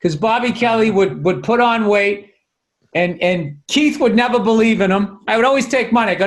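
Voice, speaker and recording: A man's voice: high voice, brisk. A man appearing as a guest comedian in casual chat, ribbing the host with profane, teasing banter.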